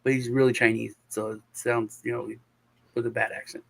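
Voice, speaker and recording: A man's voice: mid-range voice, little pitch movement, a little fast, gravelly. Rambling man on a video call. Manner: rambling storytelling, full of restarts and sighs. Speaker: show host. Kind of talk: casual chat on a video call.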